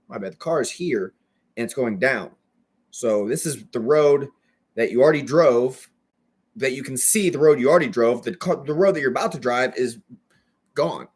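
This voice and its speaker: A man's voice: medium pitch, breathy edge. Rambling young man, restless and trailing off. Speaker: person telling his own story. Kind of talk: casual monologue.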